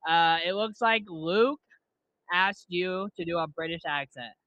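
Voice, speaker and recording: A man's voice: high-pitched, unhurried, sharp tone, dry recording. A man streaming a game, chatting casually and chuckling with his AI co-host. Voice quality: laid-back, chuckling. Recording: slightly muffled dry mic.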